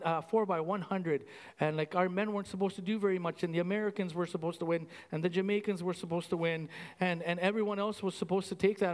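High-voiced Canadian pastor, animated sermon. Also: male voice, in a large hall. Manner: animated, conversational, repeats phrases with many "like"s.

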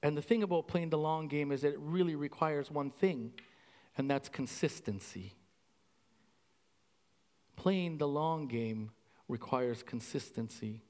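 High-voiced Canadian pastor, animated sermon. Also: male voice, measured pace, pauses often, in a large hall. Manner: animated, conversational, repeats phrases with many "like"s.

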